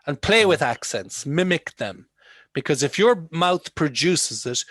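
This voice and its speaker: A man leads an online English class at an ordinary mid pitch. He quizzes his students and repeats the key words to coax answers out of them. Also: a bit bright, no echo. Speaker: English teacher. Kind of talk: classroom teaching over video call.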